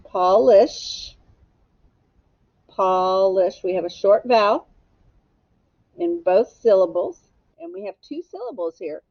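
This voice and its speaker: A woman's voice: mid-range voice, big pitch swings, normal speed, vocal fry, slightly rough, no room sound, muffled recording. A woman teacher giving a phonics lesson to young children, patiently sounding out and spelling each word.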